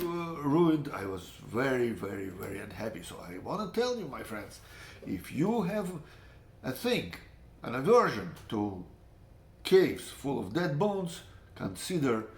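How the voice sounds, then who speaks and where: A man telling a personal story to his audience in an animated, emphatic way, repeating words and swearing. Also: mid-range voice, slight background noise. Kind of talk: personal anecdote told to an audience. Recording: roomy echo.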